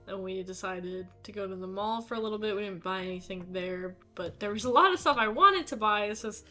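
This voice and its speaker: A woman's voice: medium pitch, brisk, pushed and bright. Female co-host in her twenties, casual and laid-back, mid voice, faint music bed. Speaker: podcast co-host. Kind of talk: casual chat.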